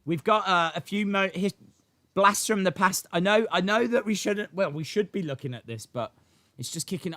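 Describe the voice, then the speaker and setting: High, bright, gravelly excitable man. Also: normal speed, dry recording. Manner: animated, shouts and laughs reading chat names. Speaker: live stream host. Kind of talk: excitable live reaction chat.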